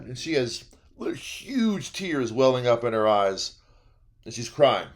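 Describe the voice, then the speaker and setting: A young man, telling a comedic story about his work as a restaurant server. He talks in an animated way, cuts himself off, and repeats phrases for laughs. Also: mid-range voice, slow. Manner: animated, self-interrupting, repeats phrases for comic effect.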